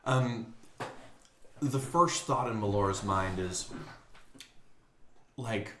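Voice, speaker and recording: A man's voice: on the low side, slow, pushed and bright, slight background noise. A man playing a tabletop game, thinking aloud about his character's plans. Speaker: player. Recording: echoey room.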